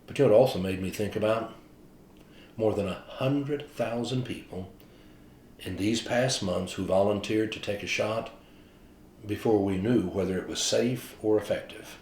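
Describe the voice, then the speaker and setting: Low-voiced male pastor, chatty storytelling, echoey room sound. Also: moderate pace, a little hiss or hum. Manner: chatty storytelling, animated retelling. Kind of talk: casual devotional talk.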